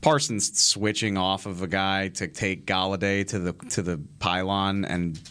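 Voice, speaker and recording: A man co-hosting a sports talk show, opinionated and quick, running through players one by one. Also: deep voice, steady tone, a bit bright, clear, resonant tone.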